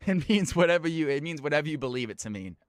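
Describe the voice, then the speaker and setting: A male streamer chatting playfully with viewers and shoutcasting a custom game with hype. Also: a little high, lively intonation, quick pace, no room sound. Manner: playful, joking, laughs often, turns hype when casting. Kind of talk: live stream chat and esports play-by-play.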